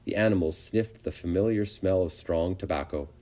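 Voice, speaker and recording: A man reading a children's storybook aloud with gentle, expressive narration. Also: low-pitched, normal speed.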